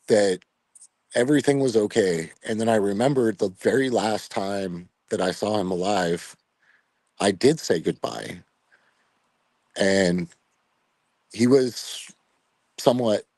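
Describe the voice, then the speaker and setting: A middle-aged man, a retired Air Force veteran, telling a personal story in a podcast interview, reflective and emotional, halting with fillers. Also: on the low side, a little mellow, no room sound.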